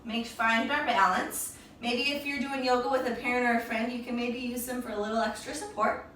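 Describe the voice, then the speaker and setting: A woman's voice: a little high, steady tone, fairly quick, fairly bright tone, slight background noise. A woman guiding a children's yoga class with a storybook, in a playful, encouraging, sing-song way. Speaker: kids yoga teacher. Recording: echoey room, voice from a distance.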